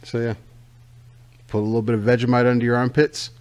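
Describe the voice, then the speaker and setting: Fast-talking and profane, an American man hosts a casual comedy podcast, riffing in the style of a pushy salesman. His pitch is medium, barely moving, and his tone darkish.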